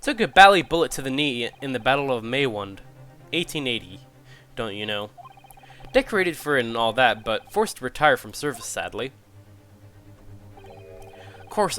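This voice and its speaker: A man's voice: medium pitch, big pitch swings, moderate pace, pushed and bright, soft background music, pitched below the performer's own voice. A man voicing a blustering retired army officer who leads a jury, with hearty, clipped military chatter. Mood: jolly.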